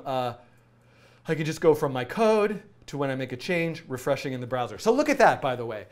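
Chatty man live-coding, laughing often. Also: on the high side. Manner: chatty, rambling, laughs often, self-correcting. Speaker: coding teacher. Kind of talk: casual live-coding tutorial.

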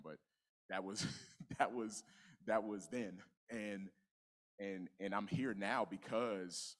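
Deep-voiced man preaching a casual sermon. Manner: conversational, testimony-style preaching with many restarts and "you know". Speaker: guest preacher. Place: church sanctuary.

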